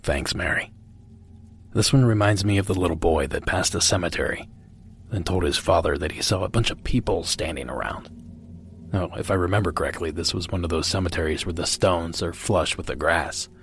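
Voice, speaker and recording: A man hosting a podcast, introducing callers and reflecting on their stories in a measured, scripted way. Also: sits low, slight background noise. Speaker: podcast host.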